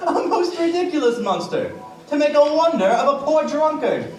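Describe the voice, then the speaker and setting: A man playing a jittery, mocking jester on stage, excitable and giggly, recorded from far off in an echoey hall. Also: extremely high pitch, normal speed. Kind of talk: live stage acting. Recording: echoey, distant stage mic with music.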